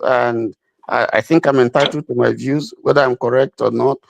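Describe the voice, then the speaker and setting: A man speaking haltingly with many restarts as a guest in a heated debate. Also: mid-range voice, vocal fry, dry recording, poor audio. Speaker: panel guest.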